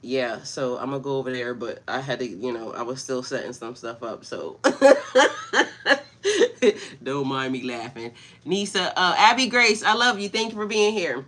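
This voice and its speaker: A woman's voice: rumbling low, moderate pace, a bit bright, slight background noise. A woman spiritual coach talking casually on a livestream, laughing often and greeting her viewers by name. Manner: loose, chatty storytelling.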